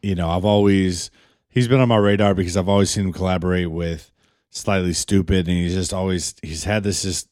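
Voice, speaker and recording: A man's voice: low-pitched, a little mellow, no room sound, studio quality. A man co-hosting a radio show in casual chat, laid-back and rambling, swearing now and then.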